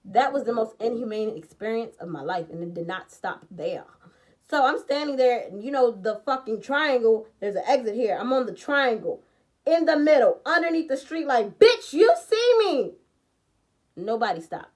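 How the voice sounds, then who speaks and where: Young woman, slightly high voice, profane and dramatic, loud outbursts against low asides. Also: animated, normal speed. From Baltimore, USA. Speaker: vlogger. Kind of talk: emotional storytime.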